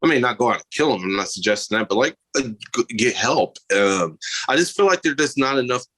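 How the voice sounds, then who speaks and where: Emphatic man with a bright, forceful voice. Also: mid-range voice, brisk, poor audio. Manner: emphatic, animated, argues his point passionately. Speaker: guest filmmaker. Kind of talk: podcast conversation.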